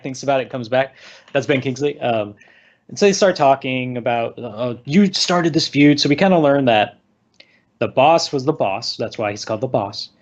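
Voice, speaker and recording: A man co-hosting a movie podcast, casually retelling the plot in a rambling way and acting out lines with quick laughs. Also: medium pitch. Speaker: podcast co-host recapping a movie. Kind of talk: casual chat. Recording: slightly dull lo-fi recording.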